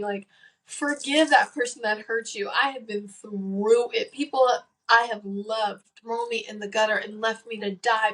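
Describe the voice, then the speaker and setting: A woman's voice: a little high, fairly bright tone. Earnest teen girl, slightly distant mic. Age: late teens. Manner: earnest, emphatic, repeats key phrases. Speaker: podcast host. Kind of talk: faith-based advice podcast.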